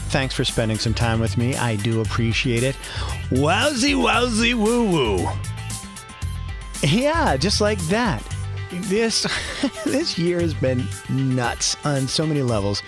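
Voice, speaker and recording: A man's voice: medium pitch, no room sound. A middle-aged man with a Boston accent, hosting a podcast and telling a personal story in a chatty, laughing way. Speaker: podcast host. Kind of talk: casual podcast monologue.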